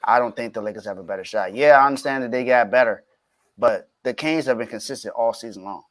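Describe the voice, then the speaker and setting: A man's voice: medium pitch, fast talker, fairly bright tone, dry recording. Exasperated man arguing a sports point. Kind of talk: casual sports debate.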